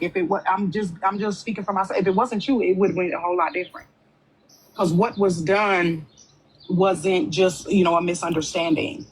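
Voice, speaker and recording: A woman's voice: lowish voice, slight background noise. A woman speaking on a livestream panel, blunt and heavily profane as she confronts another member. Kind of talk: heated livestream argument.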